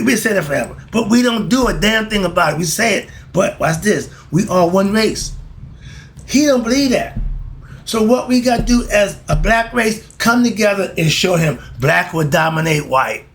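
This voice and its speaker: Animated man reading with fiery asides. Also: a little high, gravelly, slight background noise. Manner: animated, interrupts his own reading with asides and laughs. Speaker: host. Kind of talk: reading aloud with ad-lib commentary.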